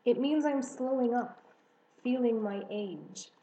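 A woman voicing a gentle, wise female spider who speaks quietly and softly. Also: on the high side, slow pace, roomy sound, dull audio, pitched above the performer's own voice. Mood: tender. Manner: quiet, soft-spoken.

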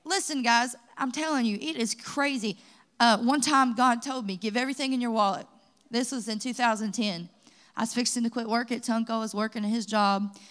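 Kentucky woman on pastoral staff, bright-voiced, lively testimony-driven church teaching. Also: a little high, a little fast. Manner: lively storytelling, rising to exhortation. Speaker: pastoral staff member teaching Bible study. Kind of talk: preaching with personal testimony. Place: church sanctuary.

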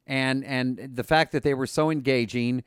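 A podcast host with a clear, resonant, medium-pitched voice talks at normal speed with fairly even intonation. The recording is dry and studio quality, and he sounds casual and enthusiastic, often repeating and restarting words.

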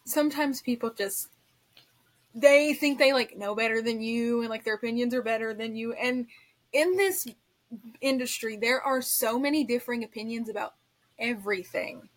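A woman's voice: on the high side, normal speed. A young woman co-hosting a podcast, backing up her friend in casual chat with frequent agreeing remarks. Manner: supportive, frequent "yeah" agreement. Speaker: podcast co-host.

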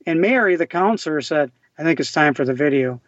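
A man in his forties speaks as a podcast guest, telling a personal recovery story in a raw, halting way, often restarting his sentences. His voice sits a little high. The recording is dry and somewhat dull, like lo-fi podcast audio. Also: expressive, dry recording.

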